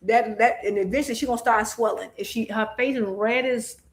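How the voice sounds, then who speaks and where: A chatty woman co-hosting a casual live stream who laughs easily. Her voice sits somewhat high. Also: fairly quick. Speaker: boxing podcast co-host.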